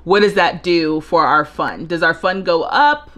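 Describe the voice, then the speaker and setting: A woman's voice: lowish voice, measured pace, fairly bright tone. A young woman streaming a life-simulation game live, chatting and thinking aloud as she plays. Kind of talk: live gameplay commentary.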